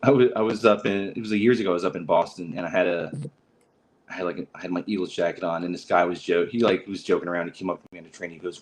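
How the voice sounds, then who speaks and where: This podcast host has a low voice and runs a laid-back livestream, wandering through anecdotes with nonstop fillers, pauses and restarts. He briefly acts out the people in his stories with quick voices before settling back into easy chat. His tone stays steady, and the low-quality recording carries a faint hiss or hum.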